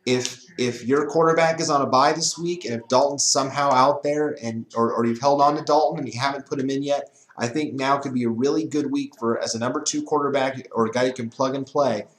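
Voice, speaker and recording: A man's voice: medium pitch, steady tone, a little fast, few pauses. A man hosting a fantasy football show, talking through picks in a casual, emphatic monologue full of repeats and restarts. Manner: emphatic, repetitive, mock-panicky voice when quoting fans. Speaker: fantasy football podcast host. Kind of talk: casual sports analysis monologue. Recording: roomy echo.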